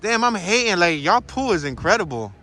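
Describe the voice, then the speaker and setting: A man's voice: high-pitched, big pitch swings, fairly quick, sharp tone, slight background noise. A man vlogging casually on a walking tour outdoors by a pond, playful and slangy as he jokes around. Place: outdoors by a pond in cold weather.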